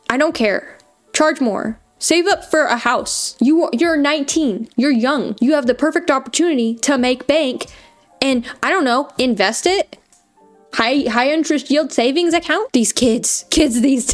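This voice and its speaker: A woman artist and streamer talking casually and expressively, scolding in an exasperated, motherly way as she reviews art pages. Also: high voice. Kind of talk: casual video commentary.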